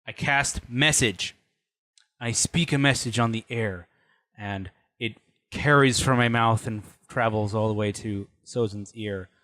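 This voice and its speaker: A man's voice: on the low side, measured pace, a bit bright, dry recording, clean studio sound. A man playing a tabletop role-playing game, thinking aloud in a hesitant, casual way. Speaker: player.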